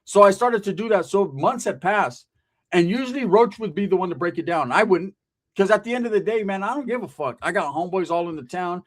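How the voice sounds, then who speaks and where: High-voiced man telling a profane street story. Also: a little fast. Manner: animated, street slang, swearing, laughs at own jokes. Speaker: storyteller, ex-convict.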